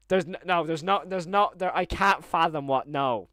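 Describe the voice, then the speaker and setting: An excitable young man live-streaming a reaction, tripping over his words with constant restarts. His voice sits a little high for a man, and the sound is close and dry with no room around it. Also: moderate pace, no room sound. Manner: excitable, stammering with many restarts.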